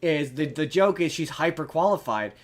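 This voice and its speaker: A male podcast host talks through a movie in loose, rambling chat, restarting sentences and swearing casually. His voice sits a bit high for a man. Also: moderate pace. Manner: rambling, animated, swears freely, many restarts.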